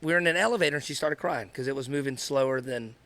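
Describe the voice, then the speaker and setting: Man, podcast co-host, high gravelly bright voice, earnest and rambling, dry close sound. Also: fast, dry recording. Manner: earnest, rambling, repeats himself. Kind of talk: candid podcast conversation.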